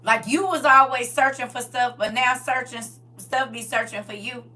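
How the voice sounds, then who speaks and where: A woman delivers a casual sermon, calling out to her listeners and coaxing answers from them. Her voice is bright and fairly high, and it reaches the mic from some distance away. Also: normal speed, slight background noise. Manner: conversational, call-and-response with congregation. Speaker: preacher. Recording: voice from far off the mic.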